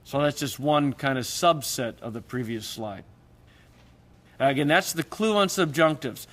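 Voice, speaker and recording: This man sounds animated and a little bright, never rushing as he teaches Greek grammar in a recorded class. His explanations are patient, and quoted example questions get voiced with a lifted pitch.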